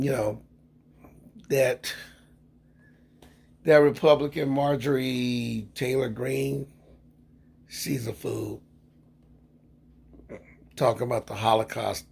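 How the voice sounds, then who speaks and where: A man hosting a casual livestream who drifts from topic to topic, gets heated, then trails off quietly. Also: mid-range voice. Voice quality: gravelly and very husky. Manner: rambling, drifts between topics. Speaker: livestream host.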